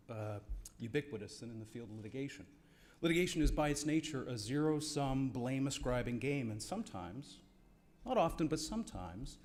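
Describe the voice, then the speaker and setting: A man's voice: mid-range voice, a little mellow. Man telling a wry story at an awards dinner. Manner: wry storytelling, playing to the room. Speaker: award presenter. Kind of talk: after-dinner speech with a joke. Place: banquet hall.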